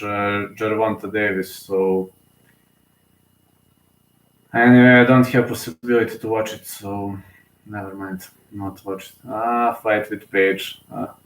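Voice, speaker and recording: A man's voice: lowish voice, echoey room, low-quality recording. A young man, giving casual solo live commentary on a fight, emotional and rambling, full of fillers and restarts, sleepy.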